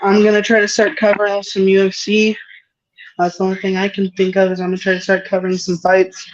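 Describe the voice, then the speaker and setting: A laid-back man chatting on a podcast. He speaks in a very flat, even tone. The sound is muffled and lo-fi. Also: high-pitched, fast talker. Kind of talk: casual chat.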